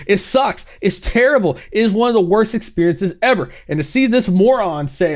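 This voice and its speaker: A young man ranting sarcastically in casual commentary, exaggerated and quick to laugh. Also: high voice, a bit bright. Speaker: gaming commentary youtuber.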